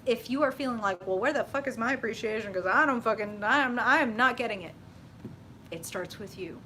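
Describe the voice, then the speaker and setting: Reading tarot live on stream, a middle-aged woman speaks in a mid-range voice against slight background noise. Her manner is casual, profane and animated, punctuated by frequent laughter.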